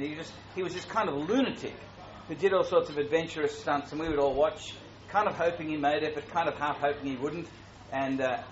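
A man preaching a sermon in a church, talking in a conversational, animated way that grows louder. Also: a little high, slight background noise. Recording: roomy, muffled church recording.

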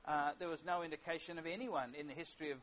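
A man's voice: a little high, fairly even intonation, fast talker, fairly bright tone, a little hiss or hum. A middle-aged man preaching a sermon in a conversational, wry way, with frequent fillers. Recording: lo-fi dull sound.

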